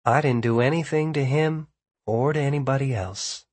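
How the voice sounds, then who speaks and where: A man's voice: medium pitch, normal speed, darkish tone, no echo, close to an everyday voice. A man voicing a cool, detached woman who speaks with offhand pleasantness.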